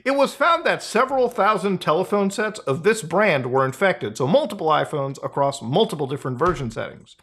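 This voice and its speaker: A male host delivering loose, off-the-cuff commentary with a blunt, sarcastic edge. His voice sits a little high, and he swears freely and jumps upward in pitch to stress a point. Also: animated, brisk, hardly any pauses, fairly bright tone. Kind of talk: casual commentary.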